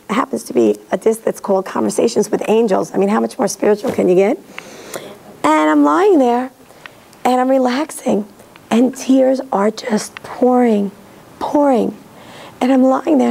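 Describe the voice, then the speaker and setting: Woman, hoarse from laryngitis, high-pitched, earnest and animated lecture, acts out dialogue. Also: low-quality recording. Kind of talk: religious lecture to an audience. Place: synagogue hall.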